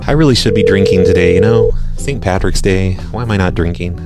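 Deadpan low-voiced prank-call host. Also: male voice, brisk, over loud music. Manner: deadpan, stammers and repeats words. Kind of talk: live prank phone calls.

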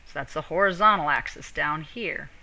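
Bright-voiced teacher, a woman, walking through steps. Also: low voice, moderate pace, slight background noise, low-quality recording. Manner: step-by-step instructional, addresses students directly. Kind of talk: screen-recorded software tutorial.

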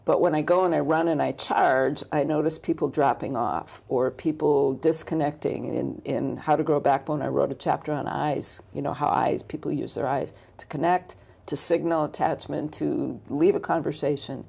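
Woman coach in an interview, dark husky voice, explains stuff in lists. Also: low-pitched, steady tone, moderate pace, hardly any pauses. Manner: explanatory, builds points in lists and rhetorical questions. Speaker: leadership coach and author.

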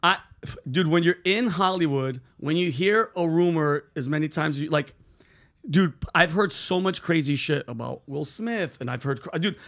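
Brief: male podcast host, loose profane storyteller, a bit high-voiced. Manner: profane, animated storyteller, says bro and dude.

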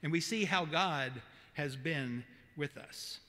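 A man with a Southern accent preaching a sermon as the pastor, earnest and measured, with emphatic repetition. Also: fairly high pitch, pushed and bright. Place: church sanctuary. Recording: long church reverb.

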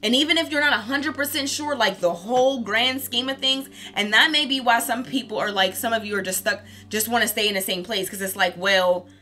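A woman's voice: on the high side, pushed and bright. A woman giving a casual tarot reading, candid and profane, laughing often as she talks. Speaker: tarot reader.

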